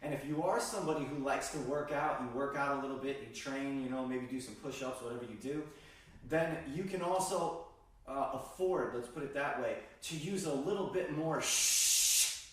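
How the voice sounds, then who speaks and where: Male qigong teacher, calm instructional delivery, recorded far off in a roomy space. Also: medium pitch, moderate pace. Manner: calm, guiding, demonstrates breathing sounds. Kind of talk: instructional demonstration. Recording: very echoey room, distant mic.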